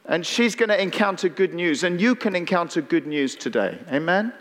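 Here a man delivers a chatty sermon full of playful asides and calls to the congregation, at a moderate pace. His high-pitched, animated voice has a slightly bright tone, and the recording carries the long reverb of a large hall.

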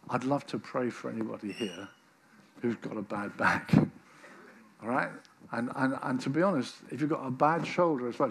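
Man preaching with a soft prayer close. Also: medium pitch, a little hiss or hum. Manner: storytelling, acts out quoted people, drops to soft prayer. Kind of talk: sermon with closing prayer.

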